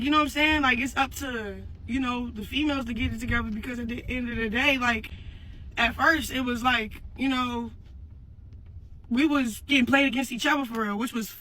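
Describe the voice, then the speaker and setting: A mother talks to her followers in a casual, heartfelt video message, her voice high-pitched, pushed and bright, over a rough recording with a little hiss or hum. She is earnest and rambling, circling back with repeated fillers like "for real" and "you know what I'm saying."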